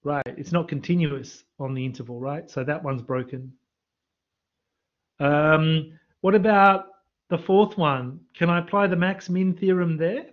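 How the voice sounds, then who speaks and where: Picked up by a computer mic on a live stream, this man speaks at a measured pace with a fairly high pitch, and the highs are cut off. He's a university maths lecturer teaching a revision lesson and putting questions to students in the chat.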